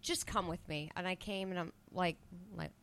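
Bright, gravelly-voiced blunt woman. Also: on the low side, a little hiss or hum. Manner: blunt, profane, quick to laugh. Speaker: podcast guest. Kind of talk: casual banter.

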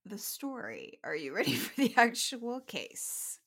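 A woman's voice: a little high, big pitch swings, a little slow, fairly bright tone. A woman co-hosting a true-crime podcast, telling the case in casual talk, swearing and joking as she goes. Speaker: podcast co-host.

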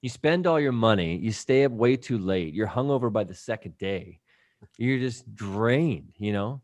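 Male podcast host, casual animated storyteller, does quick voices, dry booth sound. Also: fairly low pitch, no room sound.

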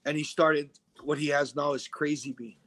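A middle-aged man spins a story in a relaxed interview, slipping into other people's voices as he goes. His voice sits a little high. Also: normal speed. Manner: animated storyteller, acts out quoted voices. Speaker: interview guest.

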